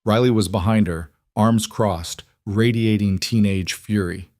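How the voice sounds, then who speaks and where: A man reads a story aloud in a slow, measured way. His voice sits on the low side, and the recording is dry and close. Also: steady tone, a little mellow, dry recording. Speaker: narrator. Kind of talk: scripted narration.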